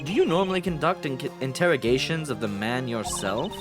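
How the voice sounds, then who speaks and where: A man voicing a composed, formal male prosecutor in a dry, measured way. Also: medium pitch, very animated, over music, lightly acted.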